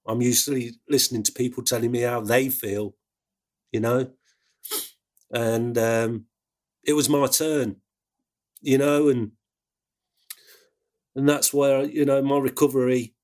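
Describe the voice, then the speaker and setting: A man with an English accent, an ambulance worker telling a personal story in a halting way, with many restarts. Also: mid-range voice, darkish tone. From England. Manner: halting, full of fillers and restarts.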